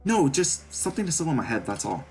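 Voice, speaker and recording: A man's voice: fairly high pitch, very animated, quick pace, a little mellow, soft background music, pitched above the performer's own voice. A man voicing an anxious, earnest young male hyena who has just finished school, in a game reading. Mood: startled. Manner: nervous, earnest, questioning.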